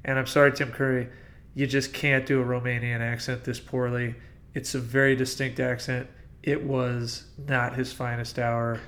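A man's voice: medium pitch, level tone, moderate pace, fairly bright tone. A man hosting a casual movie podcast, ranting bluntly about film clichés. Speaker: podcast host. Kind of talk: casual movie-review chat.

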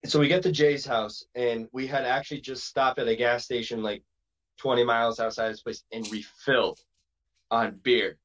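Animated male wrestler telling road stories, lo-fi. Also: mid-range voice, normal speed. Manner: animated, jumps into quoted voices and asides. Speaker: pro wrestler guest. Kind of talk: casual storytelling interview.

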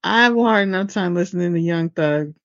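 A co-host on a podcast, chatting casually and reacting in a low-key way. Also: fairly quick, creaky, fairly bright tone, no echo. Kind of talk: casual chat. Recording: dull lo-fi sound.

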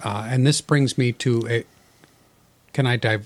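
A man's voice: mid-range voice, steady tone, measured pace. A man co-hosting a podcast in casual chat, musing aloud and playing the contrarian. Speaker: podcast co-host.

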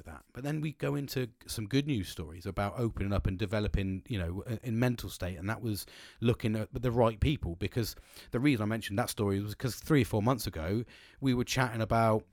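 A man's voice: fairly low pitch, dry recording, clean studio sound. Blunt, foul-mouthed British man ranting. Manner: heavy swearing, blunt and boastful; jumps between mumbling and loud bursts. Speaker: vlogger. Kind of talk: casual rant, telling a work story.

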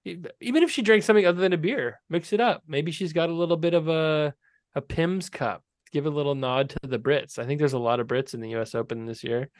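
A man's voice: on the high side, fast, dry recording. Sarcastic man on a dry close mic. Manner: sarcastic, laughing often. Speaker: podcast co-host. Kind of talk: casual chat.

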